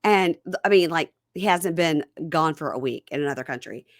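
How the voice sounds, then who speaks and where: A woman's voice: brisk, no room sound, studio quality. Chatty woman recapping, acting out scenes. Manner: retells scenes acting out both sides with big pitch jumps. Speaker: podcast host recapping reality TV. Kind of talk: casual chat recap.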